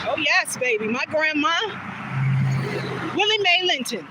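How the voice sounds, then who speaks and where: A woman rambles through a story outdoors, her voice sitting high. She curses casually and slips into the voices of the people she quotes. Steady outdoor noise runs under her phone recording. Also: unhurried, pauses often. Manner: chatty, swears casually, acts out quoted voices. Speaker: vlogger. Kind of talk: casual storytelling while walking. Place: outdoors on a walking trail.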